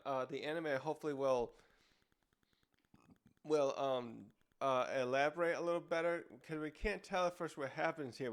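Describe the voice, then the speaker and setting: A man casually reviewing a comic chapter, rambling with many restarts and fillers. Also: fairly high pitch. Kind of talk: casual commentary.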